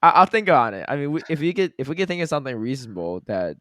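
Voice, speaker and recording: A man's voice: a little high, very animated, rapid-fire, a bit bright, dry recording. An American man co-hosting a casual podcast, reading out viewer comments and laughing easily. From United States. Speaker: podcast co-host.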